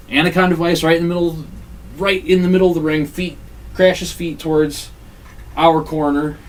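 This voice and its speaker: A man in casual podcast chat, recounting a match with profane, animated energy and acted-out lines. His voice sits in an ordinary middle range. The mic catches him from a little distance, with a faint hiss underneath. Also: medium pitch. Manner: profane, animated, acts out quotes. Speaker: podcast host recapping a wrestling game.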